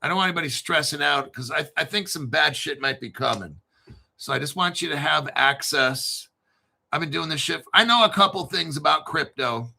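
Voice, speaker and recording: A man hosting a casual online talk show, talking in a profane, animated way. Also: a little high, moderate pace, gravelly. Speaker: crypto channel host. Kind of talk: casual livestream chat.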